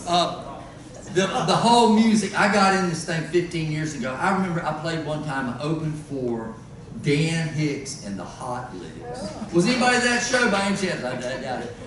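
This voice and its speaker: A man's voice: a little high, lively intonation, moderate pace, a crowd in the background. A male singer-songwriter chatting with his audience between songs in a rambling, joking, self-deprecating way, heard in an echoey live venue from a distant mic with noise behind. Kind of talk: onstage banter between songs.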